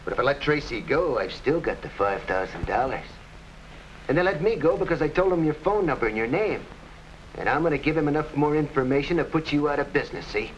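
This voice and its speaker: An actor playing a ruthless, scheming hired killer in an early TV crime drama, talking tough gangster slang. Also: male voice, a little high, expressive, brisk, lightly acted. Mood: gloating. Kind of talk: 1950s TV crime drama acting. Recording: dull old TV soundtrack with faint hiss.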